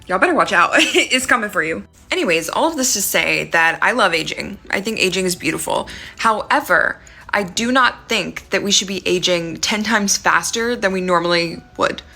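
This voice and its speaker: A woman giving her emphatic opinions in a casual vlog, telling a story with animated asides. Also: mid-range voice, moderate pace, vocal fry. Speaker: social media commentator. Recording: faint background music.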